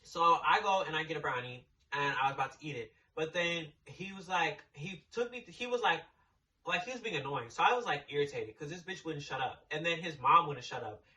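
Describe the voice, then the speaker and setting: A man's voice: fairly high pitch, expressive, brisk, pushed and bright, recorded from a distance, lo-fi sound. A young man telling a storytime in a blunt, sassy way, swearing freely. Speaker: storytime vlogger. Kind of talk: casual storytime.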